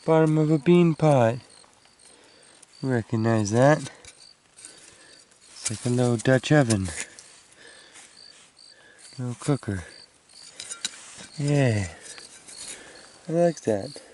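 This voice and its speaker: A man's voice: medium pitch, slow pace, pauses often, slight background noise. A man musing aloud as he digs up old metal finds outdoors, filming himself for a metal detecting vlog. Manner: relaxed, musing, thinking aloud. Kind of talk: casual outdoor commentary. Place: outdoors under oak trees.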